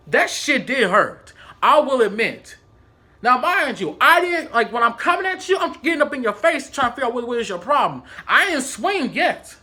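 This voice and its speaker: A man telling a story in a casual, animated, profane vlog style. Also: very high voice. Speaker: vlogger.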